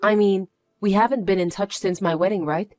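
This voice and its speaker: Weary, flat-toned woman narrator. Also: medium pitch, moderate pace, no echo, soft background music. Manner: flat, weary, dismissive replies. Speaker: narrator, first-person main character. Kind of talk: dramatized story narration.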